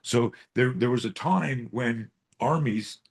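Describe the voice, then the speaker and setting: A man with a slow, gravelly, husky voice of medium pitch coaches self-defense over a live group video call. His storytelling is animated and profane, heavy on cursing and rhetorical questions.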